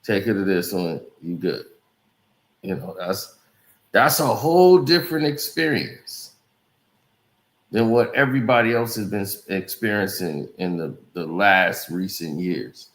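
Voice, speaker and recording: A man's voice: low-pitched, expressive, measured pace, a bit bright. A man hosting a commentary show, talking in loose, rambling street slang. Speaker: commentary channel host. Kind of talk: casual commentary. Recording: roomy echo.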